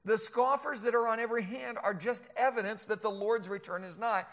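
A man delivers a lively, animated sermon in a high, bright voice. His words ring out with a long hall reverb around them. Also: brisk. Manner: animated, acts out scoffers in mocking voices. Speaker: preacher.

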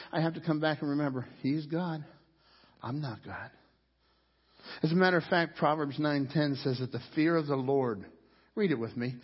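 A man preaching a sermon with great passion, rising to loud cries as he voices people's complaints to God. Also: a little high, moderate pace. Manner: impassioned preaching, rising to near shouts when voicing complaints to God. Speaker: pastor. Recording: dull sound with long hall reverb.

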